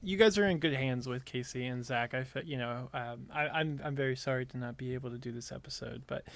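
Gravelly-voiced man in casual chat. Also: medium pitch, dry recording. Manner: soft-spoken, halting. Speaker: podcast co-host.

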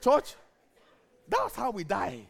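A man preaching from the pulpit in a high, gravelly voice. His pitch leaps and dips all over as he hammers home repeated refrains, one moment shouting, the next dropping to a hush, at an unhurried pace. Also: wildly swooping pitch. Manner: emphatic preaching with repeated refrains, swinging between shouts and hushed tones. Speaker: pastor. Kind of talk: sermon.

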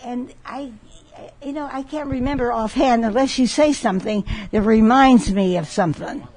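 Husky elderly woman telling jokes. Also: fairly high pitch, moderate pace, darkish tone. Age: older. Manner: chatty joke-teller, rambling. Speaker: guest of honor. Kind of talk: casual chat.

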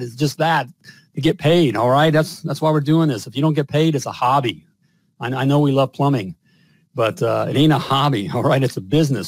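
Brief: loud, bragging male podcast host, slightly high voice, dead-dry studio sound. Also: no room sound, rough recording. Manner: boastful, hyped, repetitive fillers. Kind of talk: energetic podcast hosting with sponsor read.

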